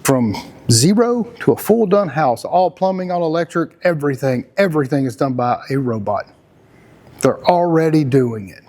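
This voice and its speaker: With a fairly high, animated voice that's a little mellow, this middle-aged podcast host from Texas chats at a moderate pace. He comes across as casual and earnest, emphatic and rambling, often restarting his sentences.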